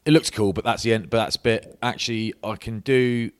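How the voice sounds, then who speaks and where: A man's voice: on the low side, steady tone, a little fast, clear, resonant tone, no room sound, clean studio sound. A man co-hosting a casual podcast, teasing his friend and rambling with plenty of fillers. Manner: teasing, rambling, lots of likes and ums. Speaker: podcast co-host.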